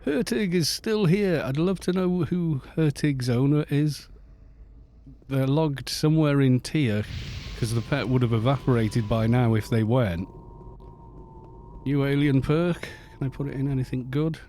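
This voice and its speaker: Welsh male streamer, warm mellow tone, rambling casual chat at a desk mic. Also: medium pitch, unhurried, a little hiss or hum. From Wales. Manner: rambling, chatty, reads chat aloud and greets viewers. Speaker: game streamer. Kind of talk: casual live-stream chat while playing.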